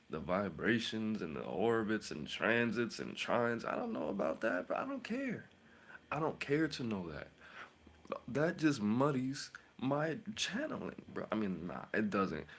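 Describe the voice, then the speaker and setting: Man, very low voice, casual tarot rant, boastful, mocking, drops to whispers. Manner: rambling, boastful and mocking, with sudden whispers and outbursts. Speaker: tarot reader and channel host.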